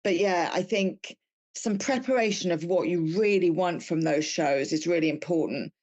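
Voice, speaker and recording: A woman's voice: lowish voice, normal speed, darkish tone, highs cut off. A woman with an English-tinged accent chatting casually about business as a podcast guest, with plenty of fillers and restarts.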